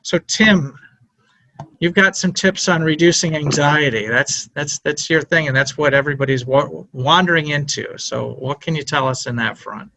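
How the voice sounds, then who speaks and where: Casting note: a male moderator with a bright, crisp voice, dry close sound. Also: fairly high pitch, moderate pace, no echo, poor audio. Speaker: webinar moderator. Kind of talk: casual chat.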